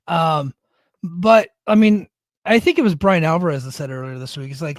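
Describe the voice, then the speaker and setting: A man co-hosts a podcast, speaking in a higher register and giving blunt opinions with casual swearing. The recording is dry and close, with no room sound. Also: moderate pace, dry recording. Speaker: podcast co-host. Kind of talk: casual chat.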